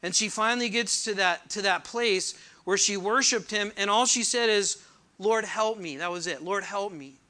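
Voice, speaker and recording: Bright high-voiced man preaching. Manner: earnest, rhetorical questions, slows to read scripture. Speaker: pastor. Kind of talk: sermon.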